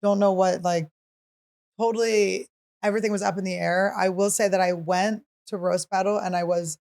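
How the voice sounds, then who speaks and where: A woman's voice: mid-range voice, normal speed, gravelly. A woman stand-up comedian hosting a podcast, chatting casually and telling stories with lots of acted-out lines. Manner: animated storyteller who acts out other people's lines.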